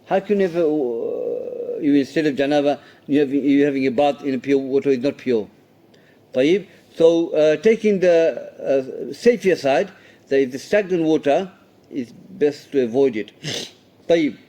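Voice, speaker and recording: An Islamic studies teacher explains hadith in an English classroom lesson, walking through rulings step by step with Arabic terms and quoted recitations. He repeats himself and checks understanding with "okay?" His voice is on the high side, warm, with lively intonation at a normal speed.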